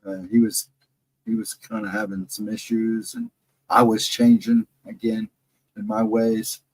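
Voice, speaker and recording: A man's voice: lowish voice, little pitch movement, unhurried, darkish tone, breathy edge, rough recording. A middle-aged man telling a personal encounter story in a casual, rambling way, correcting himself and adding asides. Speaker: storyteller on a live chat show.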